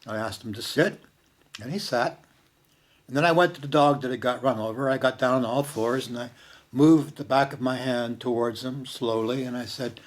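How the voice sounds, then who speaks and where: An older man from Canada telling a personal story in a slow, reflective way, dropping to a hush for quoted words. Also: mid-range voice.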